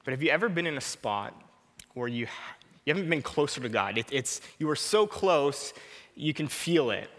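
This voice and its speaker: A man's voice: medium pitch, lively intonation, normal speed, a bit bright, big-room sound. A man in his thirties preaching an earnest, personal sermon, often repeating a short prayer.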